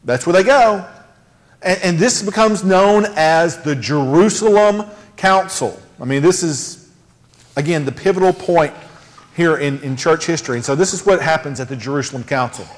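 Male pastor, high voice, chatty and emphatic sermon delivery, long hall reverb. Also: normal speed. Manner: conversational, emphatic preaching with asides.

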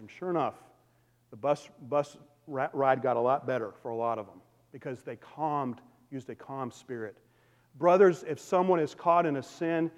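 A man preaching a sermon, talking conversationally and calling out to his congregation. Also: a little high. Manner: conversational preaching with audience call-outs. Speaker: pastor. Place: church sanctuary. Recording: long reverb of a hall.

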